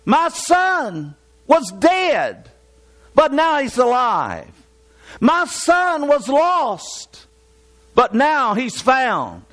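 A man's voice: extremely high pitch, wildly swooping pitch, fairly bright tone, full character voice. A man voicing a joyful father who cries out as he welcomes his lost son home, within a sermon. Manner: crying out, drawn-out joyful exclamations.

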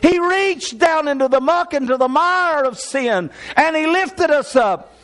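A man's voice: extremely high pitch, lively intonation, a little slow, fairly bright tone. A man preaching a sermon with passion, building through repeated phrases. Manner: impassioned, repetitive preaching cadence.

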